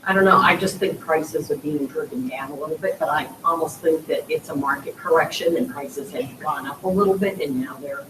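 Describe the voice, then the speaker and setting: A woman's voice: deep voice, a little fast, few pauses. A woman in a real estate class, answering hesitantly and thinking aloud about the market. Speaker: trainee agent. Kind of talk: classroom discussion. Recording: echoey, distant from the mic, noisy.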